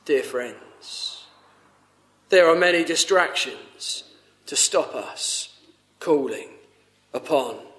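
A man's voice: on the high side, animated, extremely slow, pauses often, a bit bright, echoey room. A man preaching a sermon, earnest and pleading, rising to urgent appeals. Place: church.

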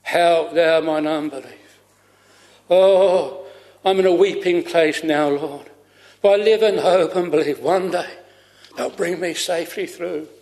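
A man's voice: high voice, measured pace, darkish tone, big-room sound. A man preaching a sermon fervently, repeating his phrases for emphasis.

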